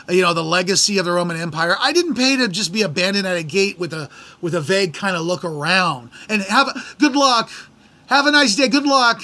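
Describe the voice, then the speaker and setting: A middle-aged American podcast host tells his story with lively exasperation. His voice sits high for a man and rings bright and forward. He slips in quick impressions of the people he met. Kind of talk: casual storytelling.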